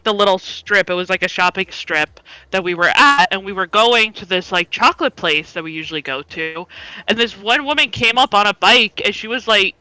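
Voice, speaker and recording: A young woman telling stories in casual chat, laughing and swearing as she goes. Her voice is bright and crisp. The sound is dry, close to the mic. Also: mid-range voice, no room sound, low-quality recording. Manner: chatty storytelling, laughing, swearing freely. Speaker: podcast co-host.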